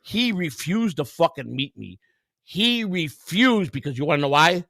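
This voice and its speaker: A man's voice: on the high side, big pitch swings, unhurried, creaky, fairly bright tone, dry recording. A man hosting a livestream, telling a heated, profane story full of quoted dialogue. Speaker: host.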